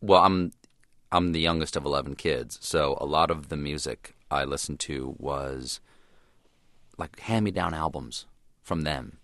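A man with a low, deep voice talks through his memories as an interview guest, reflective and meandering, often restarting his sentences. The sound is dry and close, straight into a studio microphone. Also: measured pace, fairly bright tone, dry recording. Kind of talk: casual interview chat.

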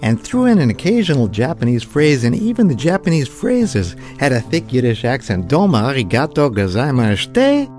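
A man telling a true story as a storyteller, in a measured, vivid way. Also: mid-range voice, big pitch swings, mellow, soft background music. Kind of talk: spoken storytelling.

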